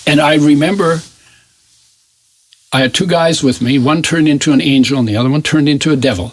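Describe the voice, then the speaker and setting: A man's voice: on the high side, a little fast, slightly rough, no echo. A man in his eighties, a guest in an interview, telling his life story in a reflective, searching way that often trails off mid-sentence. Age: 80s.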